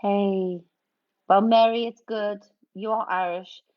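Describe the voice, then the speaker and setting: A middle-aged woman hosts a cocktail livestream, chatting casually and greeting viewers by reading their names aloud as she mixes drinks. Her mid-range voice is steady and slow, and her manner is chatty and playful. The stream audio is dull and lo-fi.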